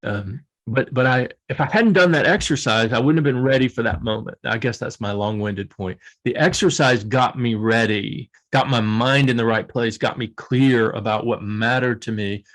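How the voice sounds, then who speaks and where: With hardly any pauses, an older author being interviewed shares stories earnestly, laughing often even as he becomes tearful. His mid-range voice is a bit bright and moves at a moderate pace through this emotional, reflective conversation.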